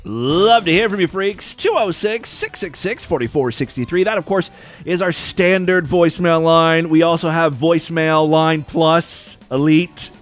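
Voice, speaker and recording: A man hosts a crude comedy podcast with a somewhat high voice. He rambles and mocks in an irreverent, offhand way. Faint music plays underneath. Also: unhurried. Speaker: podcast host.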